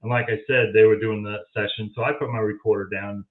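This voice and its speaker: The paranormal audio investigator on as a guest talks fast in a fairly low voice with flat delivery, narrating a story in casual chat and playing the people he quotes. It sounds like it was recorded over a tinny phone line.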